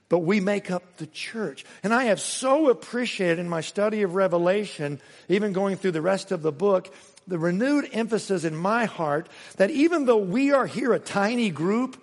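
Earnest high-voiced man preaching, echoing hall. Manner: earnest, rising to emphatic repetition. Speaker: pastor. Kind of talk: sermon.

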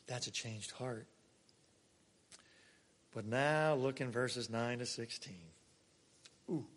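A pastor delivering a conversational sermon, swinging between loud emphasis and soft, quiet asides. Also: male voice, mid-range voice, takes it slowly, long pauses. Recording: long hall reverb.

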